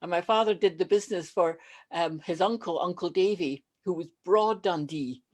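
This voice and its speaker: A woman from Stirling with a Scottish accent softened by elocution, telling stories in a casual chat over a video call. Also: fairly low pitch, moderate pace. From Stirling, Scotland. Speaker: podcast guest.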